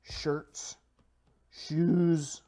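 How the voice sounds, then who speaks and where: Extremely slow and dark-toned, with a level delivery, a man narrates his Minecraft server gameplay for a video. He jokingly hypes his plans like a salesman, rambling, restarting, and making fun of himself.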